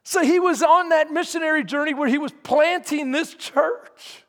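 A man's voice: very high-pitched, moderate pace, big-room sound. A man preaching a sermon as pastor, emphatic and quizzing his congregation. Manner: emphatic, asks the congregation questions.

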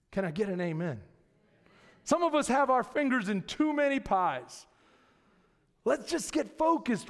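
A middle-aged man preaching a sermon as pastor, telling stories and calling out to his congregation. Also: very high-pitched. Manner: animated storytelling, calling out to the congregation. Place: church sanctuary with congregation. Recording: long reverb of a large hall.

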